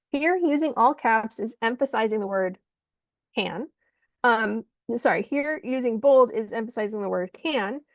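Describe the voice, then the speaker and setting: Clear, instructive woman, higher voice. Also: no room sound. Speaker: pitch coach. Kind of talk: online presentation lesson. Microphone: video call.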